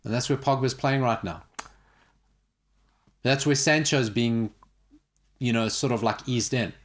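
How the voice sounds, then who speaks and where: A man's voice: mid-range voice, measured pace. A man hosting a sports talk show, opinionated and sarcastic in casual banter. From South Africa.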